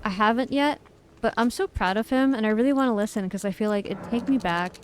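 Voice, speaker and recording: A woman in her thirties from the United States, streaming a game live, jumping from sudden high squeals of surprise into relaxed chatty talk with her viewers. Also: quick pace, a little hiss or hum, rough recording. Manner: excitable, squeals and exclaims at game events, then chats casually. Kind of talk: live gameplay commentary.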